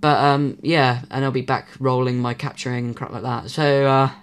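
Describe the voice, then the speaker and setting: Losing his voice, this man rambles through a casual announcement on his own YouTube channel, filling it with ums and ahs. The voice is mid-range and level, delivered at normal speed with a clean tone.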